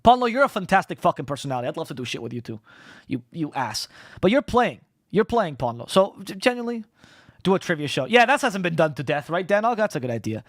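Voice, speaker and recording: A man rattles through casual stream chat at a rapid clip, tripping over and restarting his words and swearing freely. His voice sits a bit high for a man and sounds dry and close, with no room around it. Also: big pitch swings, no echo. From Spain. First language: Spanish. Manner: fast, rambling, profane, restarts words. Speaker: esports caster and streamer.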